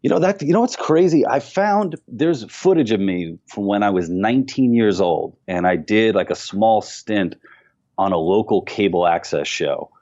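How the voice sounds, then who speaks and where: A man with a very low voice and a faint New York accent, talking as a guest on a podcast. He tells stories in an animated way, pokes fun at himself and restarts his sentences often. The recording sounds a little dull and lo-fi. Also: normal speed. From Queens, New York. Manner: animated storyteller, self-mocking, many restarts. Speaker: comedian guest. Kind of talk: casual podcast interview.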